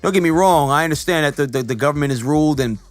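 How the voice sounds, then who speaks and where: A man's voice: fairly high pitch, fast talker, no echo, faint music behind. Earnest preachy male podcast host. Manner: earnest, preachy, religious talk; animated, laughing and shouting at the close. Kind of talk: casual podcast talk.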